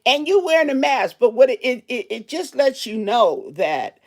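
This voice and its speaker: A woman who works as a cashier, telling a story in a casual vlog and talking straight to her viewers in a chatty, animated way. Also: on the high side, moderate pace.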